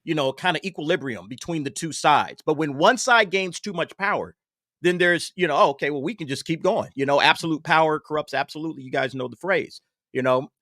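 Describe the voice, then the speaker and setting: A panel guest in a casual political discussion, this man presses his points emphatically and repeats himself, stumbling into fillers and restarts. His voice is slightly high with a fairly bright tone, and the recording is dry and close with no room sound.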